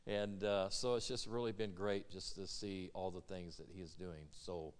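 Deep, smooth-voiced man speaking haltingly. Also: fairly even intonation, long reverb tail. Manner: halting, many fillers and restarts. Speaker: guest prophet. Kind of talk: casual sermon talk. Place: church sanctuary.

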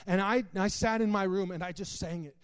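High-voiced man preaching a heartfelt testimony. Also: fairly even intonation, a little fast, clean tone. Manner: emotional storytelling that swings from hushed to loud, exclaiming. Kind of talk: testimony sermon to a congregation.

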